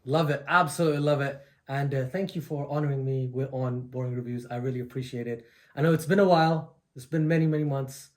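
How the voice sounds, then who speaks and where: A man's voice: medium pitch, steady tone, fast. A man from the United Kingdom joining as a guest on a reaction video from his own home, polite and enthusiastic. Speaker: guest co-host. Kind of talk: casual chat.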